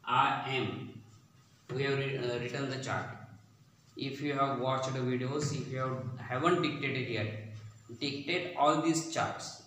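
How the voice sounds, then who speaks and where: A man teaching grammar, explaining slowly and repeating example phrases. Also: medium pitch, a bit bright, a little hiss or hum. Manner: slow, repetitive explaining with drawn-out words. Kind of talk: classroom-style grammar lesson. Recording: very echoey room, distant mic.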